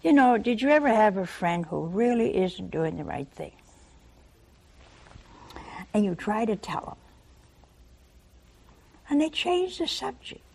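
Slow, animated older woman preaching. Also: mid-range voice, creaky. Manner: animated, conversational storytelling with rhetorical questions. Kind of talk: sermon.

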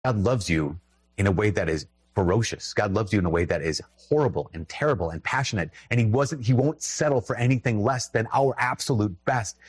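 A man's voice: mid-range voice, breathy edge, dry recording. A man with a Minnesotan accent giving a conversational, emphatic sermon, breaking off into restarts and little laughs.

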